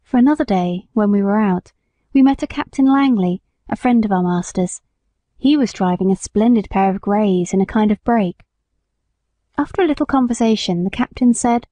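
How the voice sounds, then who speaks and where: A woman narrating a classic novel in a calm, measured storytelling manner. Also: medium pitch, no echo. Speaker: audiobook narrator. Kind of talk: scripted narration.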